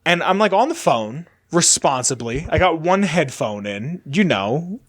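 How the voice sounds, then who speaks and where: A young man co-hosting a podcast, chatting casually and telling a story with lively energy and plenty of swearing. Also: on the high side, measured pace. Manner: animated storytelling, swears freely. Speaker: podcast co-host. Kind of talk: casual chat.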